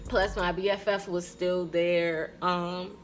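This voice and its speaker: A woman telling a story in a casual vlog, animated and profane, laughing often. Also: fairly low pitch, slow, faint music behind.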